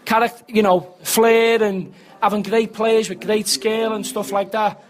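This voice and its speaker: A man's voice: high-pitched, little pitch movement, unhurried. A man earnestly reviewing a match in a casual fan chat, repeating himself. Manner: earnest, repetitive, stumbling. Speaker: football fan pundit.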